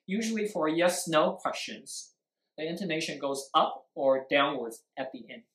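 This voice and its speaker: An emphatic speaking teacher in a live-streamed lesson on stress and intonation. They act out sample sentences to show where the pitch rises and falls. The voice has a middle pitch and sits in a noticeably echoey room. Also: expressive, normal speed, a bit bright. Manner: switches briefly into Mandarin to explain. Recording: roomy echo.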